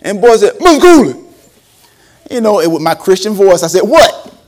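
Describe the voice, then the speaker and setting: A man's voice: high voice, fast, darkish tone. A man preaching a storytelling sermon, acting out quotes and laughing often. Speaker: preacher and former school principal.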